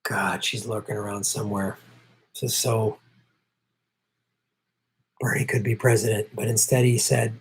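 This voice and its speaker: A man's voice: fairly low pitch, steady tone, measured pace, pauses often. Brief: middle-aged male host, heated profane rant, hammering his points over and over. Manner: angry, profane, emphatic and repetitive. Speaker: host of a political commentary show. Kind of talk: ranting political commentary.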